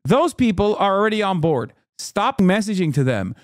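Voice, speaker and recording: A man streaming political commentary, ranting in an animated, exasperated way and slipping into sarcastic mock voices. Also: high voice, normal speed, no room sound, clean studio sound. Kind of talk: live-stream political commentary, reacting to chat.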